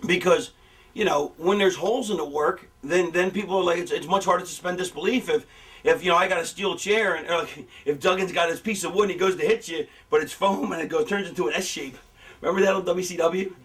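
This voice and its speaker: A middle-aged man tells stories in a loose, profane ramble, jumping into animated impressions of excited fans. His voice sits high for a man. He sounds a little distant from the microphone. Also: quick pace. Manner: animated, acts out fan reactions in a higher voice. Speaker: former wrestler talking about booking. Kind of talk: casual rambling storytelling with profanity.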